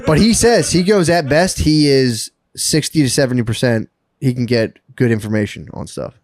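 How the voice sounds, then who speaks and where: A man's voice: medium pitch, expressive, moderate pace, darkish tone, no echo, studio quality. A man co-hosting a podcast, telling a rambling story in casual chat, with heavy swearing and laughing as he goes. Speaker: podcast co-host.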